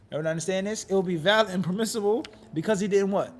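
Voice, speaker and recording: A man with a high voice teaches a classroom lesson on religious law. He keeps the room engaged by quizzing students mid-sentence and playing out quick scenes to make each point stick. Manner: animated, quizzes class with repeated "what?" prompts; acts out quoted people in lively bits. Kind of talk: classroom lecture.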